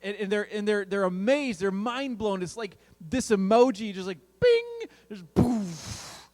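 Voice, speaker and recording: Animated youth pastor man, high voice. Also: moderate pace, big-room sound. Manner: animated storytelling with big swings in pitch and volume. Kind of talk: youth sermon.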